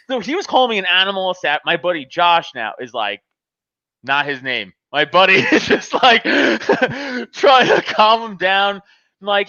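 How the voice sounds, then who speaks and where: A podcast host with a high, unhurried male voice tells a story in casual conversation, laughing often and swearing a lot. He's animated and acts out both sides of the argument. The recording is dry, with the highs cut off.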